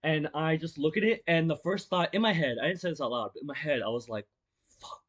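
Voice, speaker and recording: Fast and fairly high-pitched, his voice has a somewhat bright tone with a breathy edge, though the audio sounds dull. A young vlogger tells a rambling storytime, swearing, restarting and filling gaps, acting it all out with gestures.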